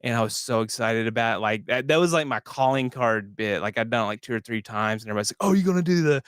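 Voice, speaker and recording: A man's voice: fairly low pitch, fairly even intonation, fast, a bit bright, clear, resonant tone, dry recording, clean studio sound. A man in his thirties, a comedian guest, chatting casually and laughing at himself. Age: 30s. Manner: laid-back, self-deprecating, laughing. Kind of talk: casual chat.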